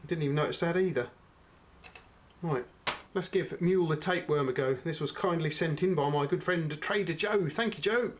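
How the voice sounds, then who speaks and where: A middle-aged man with a slightly raised voice reviews a knife in a relaxed, unhurried way. He keeps turning to his viewers with friendly asides. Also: on the high side, a little hiss or hum. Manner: chatty, unhurried, addresses viewers as guys. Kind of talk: casual product review.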